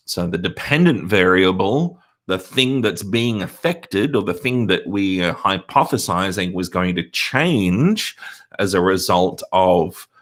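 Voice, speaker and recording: A man, a university lecturer explaining methods in a live-streamed Q&A, measured and pausing often with ums. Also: low-pitched, expressive. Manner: measured, explanatory, with frequent hesitations. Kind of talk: live-streamed Q&A on a lab report.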